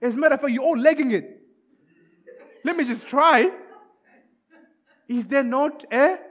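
A man's voice: high voice, moderate pace, fairly bright tone. A man voicing a confident young shepherd boy in a raised, eager voice. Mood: pleading. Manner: eager, pleading, boastful.

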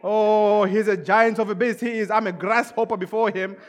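A man's voice: high voice, steady tone, moderate pace, lightly acted. A man playing a timid soldier ducking out. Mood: nervous. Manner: nervous, evasive. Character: timid male soldier dodging a fight.

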